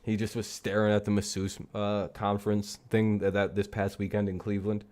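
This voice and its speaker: A man's voice: on the low side, completely flat delivery, a little fast, darkish tone. A man hosting a casual live football talk stream, rambling and joking with plenty of swearing. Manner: rambling, profane, laughing jokily. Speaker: streamer and host.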